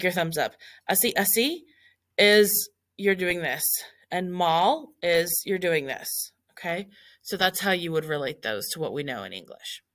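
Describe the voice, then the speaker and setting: A woman Spanish teacher talking through class notes step by step in a relaxed, casual way, with frequent fillers. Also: on the low side, dry recording, clean studio sound. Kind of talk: recorded class notes walkthrough.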